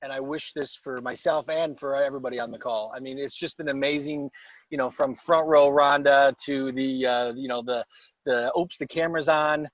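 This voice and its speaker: A man's voice: mid-range voice, little pitch movement, normal speed, no room sound, highs cut off. Rambling man full of fillers on a call. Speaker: group call participant. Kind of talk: casual heartfelt tribute. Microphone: video call.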